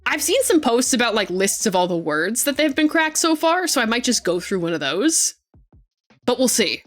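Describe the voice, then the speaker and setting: A young woman chatting on a live stream in a slightly high voice. She gushes and gets excited, laughs a lot, and swears freely. She talks casually into a desk microphone. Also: normal speed, faint music behind.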